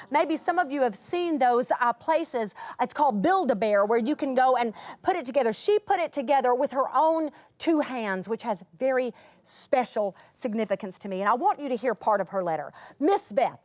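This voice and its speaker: Middle-aged woman telling a heartfelt story. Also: high voice. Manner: expressive, swings between lively and hushed. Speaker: Bible teacher. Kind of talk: emotional storytelling talk.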